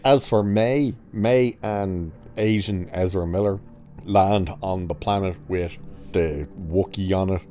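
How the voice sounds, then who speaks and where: A man's voice: sits low, slow pace, mellow, faint music behind. A man reviewing a TV episode in a sarcastic, mocking rant, swearing casually as he picks apart the plot. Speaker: TV review vlogger.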